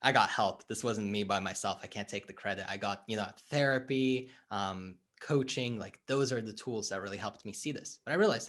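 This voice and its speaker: A man's voice: lowish voice, normal speed, hardly any pauses. A man who is a life coach, explaining his ideas in conversation as an interview guest and acting out little dialogues as he tells stories. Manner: animated, acts out dialogue in stories.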